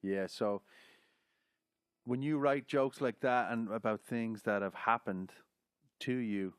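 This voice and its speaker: A man's voice: medium pitch, takes it slowly, clean tone, no room sound, clean studio sound. A man hosting a podcast, asking easygoing questions and agreeing often in casual chat. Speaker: podcast host.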